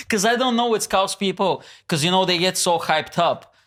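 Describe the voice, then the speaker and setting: Hyped high-voiced male comedy host. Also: animated, moderate pace. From not from the area of the show. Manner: hyped, shouty, laughs often, makes sound effects. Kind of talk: excitable comedy podcast chat.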